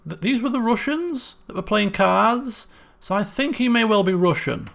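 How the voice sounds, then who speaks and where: Man, game streamer, thinking aloud, gravelly, slightly high voice. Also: animated, moderate pace, fairly bright tone. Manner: thinking aloud, muttering guesses. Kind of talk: casual gameplay commentary.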